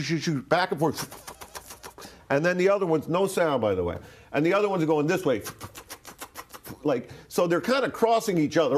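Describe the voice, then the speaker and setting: A man from Rhode Island telling a story casually, rambling with fillers, restarts and swearing. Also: a little high. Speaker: interview guest.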